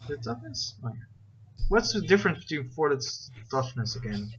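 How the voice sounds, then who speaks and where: A man's voice: fairly high pitch, sing-song, fairly quick. A man narrating as game master, rambling with many fillers and checking rules aloud as he goes. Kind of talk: narrating a tabletop game over voice chat. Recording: dull, lo-fi voice chat with faint noise.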